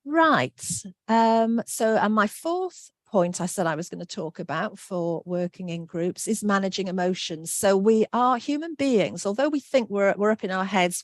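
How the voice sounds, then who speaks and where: A woman's voice: medium pitch, dry recording, studio quality. A woman giving an online workshop talk, friendly and reassuring, reading out answers from the chat. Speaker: workshop presenter.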